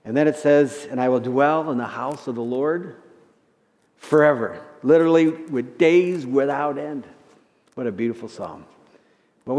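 Man preaching in a reverberant hall. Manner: expressive preaching, swells loud and high when reading scripture, drops soft for asides. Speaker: pastor. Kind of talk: sermon.

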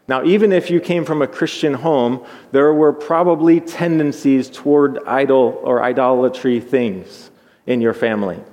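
A pastor giving an earnest, measured sermon, often repeating words as he thinks aloud. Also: mid-range voice, darkish tone. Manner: earnest, measured preaching with repetitions. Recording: long hall reverb.

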